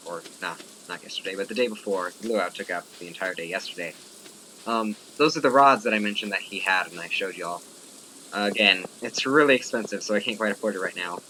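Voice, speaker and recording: A man's voice: low voice, fairly quick, noisy background. A young man casually commenting on his own gameplay, chatty and rambling with many fillers. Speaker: let's play host. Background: game music.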